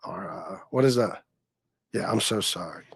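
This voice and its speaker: A man's voice: moderate pace, vocal fry, slightly rough, dry recording. Sweary ranting man, dry sound. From North Carolina, USA. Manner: angry, sweary, swings between loud outbursts and low mutters. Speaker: livestream host. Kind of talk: profane ranting livestream talk.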